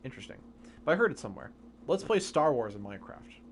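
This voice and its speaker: Young man, live streamer, patient explainer, animated pitch, light background noise. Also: fast, creaky. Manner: explains science patiently to chat. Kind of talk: casual live-stream chat.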